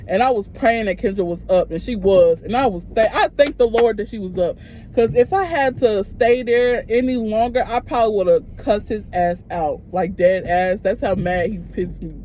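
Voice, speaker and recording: A young woman vlogger telling a casual story straight to her viewers, animated and profane. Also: medium pitch, a little hiss or hum.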